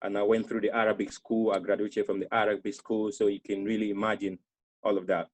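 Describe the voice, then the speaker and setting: Earnest, halting man. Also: fairly low pitch, level tone. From Nigeria. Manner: earnest and halting, with many restarts. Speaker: panel guest. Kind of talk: personal storytelling on a panel.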